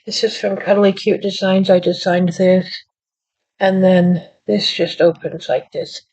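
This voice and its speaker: Woman, lowish voice, rambling crafting show-and-tell, apologetic, self-deprecating, muffled lo-fi sound. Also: steady tone, measured pace, darkish tone. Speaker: card-making channel host. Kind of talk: casual show-and-tell chat. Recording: dull lo-fi audio.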